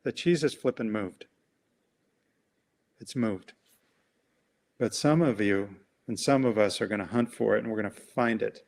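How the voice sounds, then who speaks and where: A man coaching through a webinar, telling an animated, folksy story and acting out voices along the way. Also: fairly low pitch, unhurried, gravelly, pauses often. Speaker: coach and presenter. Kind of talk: webinar talk with a demonstration. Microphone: webinar mic.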